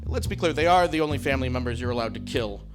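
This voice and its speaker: A middle-aged man telling a self-mocking comic story on stage in a wry, animated way. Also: mid-range voice, racing, music in the background.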